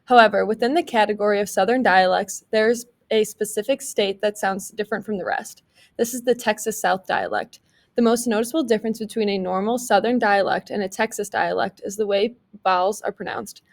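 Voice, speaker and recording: A woman's voice: mid-range voice, fairly even intonation, fairly quick. A young woman, reading a prepared class presentation evenly. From American Midwest. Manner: reads prepared text evenly. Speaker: student presenter.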